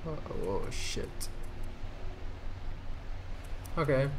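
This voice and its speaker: Slow-talking excitable gamer man. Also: a little high, a little hiss or hum. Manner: excitable, reads game dialogue aloud and laughs often. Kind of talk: let's play commentary.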